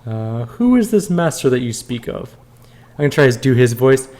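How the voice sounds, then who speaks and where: A let's play host talks through the game with wry asides in a mellow, warm voice. His pitch sits at a middle level for a man. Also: big pitch swings, moderate pace. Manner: reads dialogue aloud, wry asides. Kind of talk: casual game commentary.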